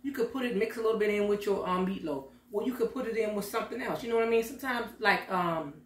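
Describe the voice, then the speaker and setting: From her home kitchen, a middle-aged lifestyle vlogger chats folksily and speaks straight to her viewers. She talks fast in a mid-range voice, heard from a distance in an echoey room.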